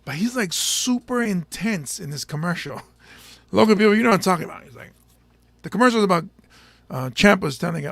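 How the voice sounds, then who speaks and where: A man's voice: high-pitched, animated, fairly quick, creaky, fairly bright tone, no echo. A male stand-up comedian chatting casually with his audience, rambling and joking and laughing often. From Samoa. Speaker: stand-up comedian hosting a show.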